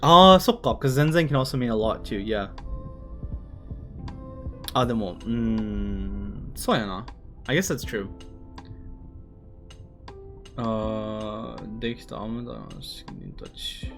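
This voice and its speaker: A man's voice: lowish voice, unhurried, long pauses, soft background music. A man reading a manga aloud on a live stream, chatting in a rambling, self-deprecating way with lots of fillers. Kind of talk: casual live-stream commentary.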